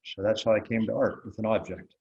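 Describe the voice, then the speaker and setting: A man's voice: fairly low pitch, fairly even intonation, brisk, creaky, darkish tone, muffled recording. An older man, an interviewed blacksmith, telling stories in a wry, folksy way, acting out the dialogue. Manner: folksy, wry storyteller who acts out dialogue. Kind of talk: relaxed storytelling in an interview.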